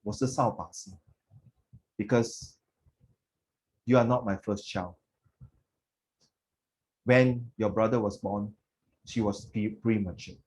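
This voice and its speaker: A man's voice: fairly even intonation, slow, pauses often, rough recording. A man voicing a grieving mother who speaks through tears. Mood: tearful. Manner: low, tearful, hushed.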